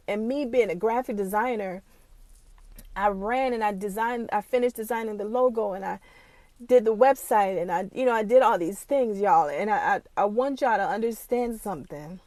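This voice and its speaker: This woman's voice sits a little high, with a darkish tone and normal speed, in a dry recording. Looking straight into the camera, the small-business owner gives a casual, motivational, foul-mouthed and blunt talk, emotional and at times holding back tears.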